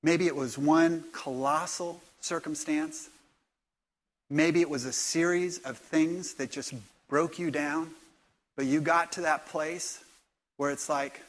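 A man preaching a sermon in a conversational storytelling way, sometimes dropping to soft, intimate tones. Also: on the high side, unhurried, long pauses. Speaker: pastor.

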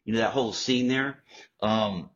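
A middle-aged man with a low, husky voice tells his stories with animated energy and plenty of swearing. The audio is slightly dull and lo-fi, like a home podcast recording. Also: brisk. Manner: animated, profane storyteller acting out quotes. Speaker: guest actor. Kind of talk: casual interview storytelling.

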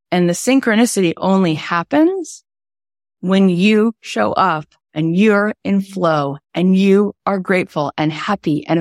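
Casual middle-aged woman coaching on podcasts, low pitch, dry sound, acts out quotes. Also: dry recording. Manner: animated storyteller acting out quotes. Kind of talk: energetic teaching livestream.

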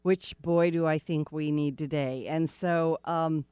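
A middle-aged woman hosts a radio show from a studio, talking in a loose, chatty way with frequent laughs. Her voice sits on the low side, and the studio mic gives a close, dry sound. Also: steady tone, measured pace, mellow, clean tone, no echo. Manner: chatty, laughs easily, rambling. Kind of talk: casual radio chat. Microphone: studio microphone.

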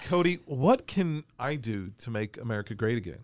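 A man co-hosting an improvised comedy segment, playful and quick to argue and laugh. His pitch swings freely, and the recording is close and dry. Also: sing-song, no echo. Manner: playful, argumentative, laughing often. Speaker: comedy co-host.

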